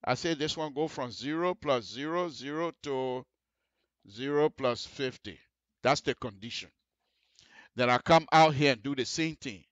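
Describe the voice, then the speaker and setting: A man's voice: mid-range voice, unhurried, fairly bright tone, no room sound, highs cut off. Man explaining road design step by step. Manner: explanatory, repeats checks like "you see the difference?". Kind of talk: on-air technical tutorial. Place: radio studio.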